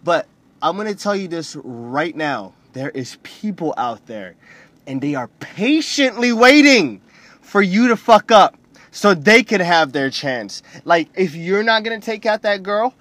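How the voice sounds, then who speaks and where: A swaggering young man from the United States tears through a comedic rant, cursing freely and wandering from bit to bit. His voice sits a touch higher than most men's, and it is recorded close and dry, with no room sound. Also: big pitch swings, unhurried, a bit bright, no echo. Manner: profane, rambling, swaggering.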